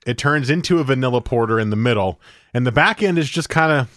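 A man's voice: mid-range voice, expressive, quick pace, fairly bright tone, no echo, studio quality. A man co-hosting a casual beer tasting chat, talking at length through tasting notes. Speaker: co-host presenting a beer of the week.

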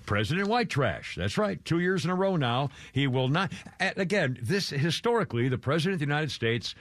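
An older man with a higher-pitched voice hosts a talk radio show. He rambles in a folksy way, with chuckles and filler, into a dry close mic. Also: very animated, brisk, a bit bright, dry recording. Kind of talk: casual opinionated talk radio.

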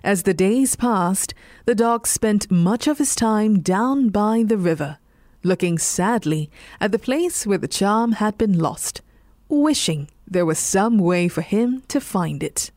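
Singaporean English woman, bedtime narrator, unhurried and very expressive, dry close mic. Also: medium pitch, dry recording. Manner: slow, soothing, lively intonation. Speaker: storyteller.

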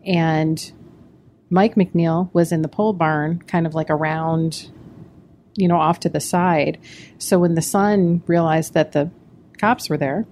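A woman's voice: deep voice, fairly even intonation, takes it slowly, darkish tone, a little hiss or hum. A woman on a podcast who speaks earnestly and reflectively, with hesitant fillers. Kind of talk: podcast discussion.

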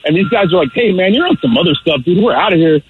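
A man in his thirties telling an animated, excitable story as a caller on a radio show, over a phone line. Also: high voice, fast, faint music behind. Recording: tinny phone line with faint noise.

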